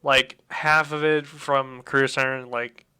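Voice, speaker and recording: A man's voice: mid-range voice, little pitch movement, measured pace, bright, forceful tone, clear, resonant tone. A young man hosting a student radio show, chatting casually and rambling with fillers and restarts. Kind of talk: casual chat.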